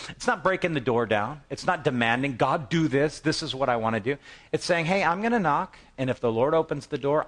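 A man preaching a sermon in a conversational style, telling the story with animation and putting on the voices of the people in it. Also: mid-range voice. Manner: conversational, repeats words when restarting. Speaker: pastor.

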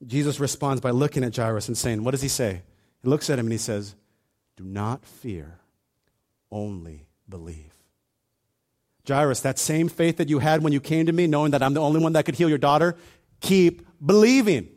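Guy preaching, chatty and lively, does little voices for the people in the story. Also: on the high side, fast. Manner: conversational, animated retelling with acted-out asides. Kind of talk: sermon.

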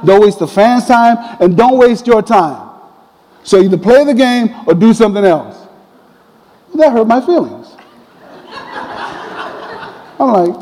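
A middle-aged man telling a personal story in a lively, casual way, laughing often. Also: high-pitched, a little slow, pauses often. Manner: animated, laughs often, uses casual fillers. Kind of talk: storytelling talk. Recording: long reverb of a large hall.

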